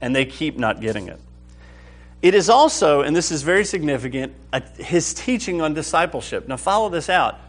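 A man's voice: a little high, big pitch swings, a little fast. A man teaching a Bible study class with enthusiasm, often checking whether the group is following. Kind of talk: lively Bible class lecture.

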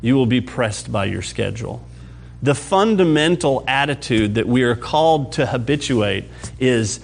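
A man preaching a sermon to his congregation in a conversational teaching style, often checking that listeners follow and pushing louder or dropping soft for emphasis. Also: mid-range voice, expressive, normal speed, vocal fry, soft background music. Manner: varies pace and loudness for emphasis. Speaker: pastor.

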